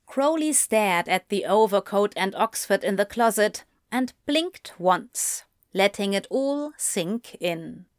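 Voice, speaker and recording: A woman reads a story aloud in a measured, even voice. Her pace is slow and unhurried. The sound is close and dry, with no room echo. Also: mid-range voice. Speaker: narrator. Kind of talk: audiobook fan fiction reading.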